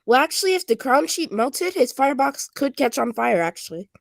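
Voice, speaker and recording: A woman's voice: high-pitched, big pitch swings, fairly quick, vocal fry, dry recording. A woman in casual stream chat, rambling with lots of fillers. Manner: rambling, filler-heavy, nerdy train talk. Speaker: stream co-host.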